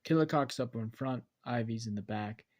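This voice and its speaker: A man's voice: mid-range voice, moderate pace, close to an everyday voice. A man doing a gleeful taunting clown villain. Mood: commanding. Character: grinning, menacing male crime boss clown.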